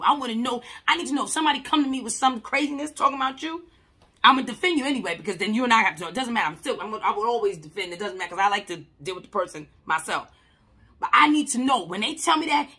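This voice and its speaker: Woman, mental health worker, casual story to camera; husky, emphatic, blunt and repetitive. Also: on the high side. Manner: emphatic, blunt and repetitive, swinging between loud and soft; swears casually.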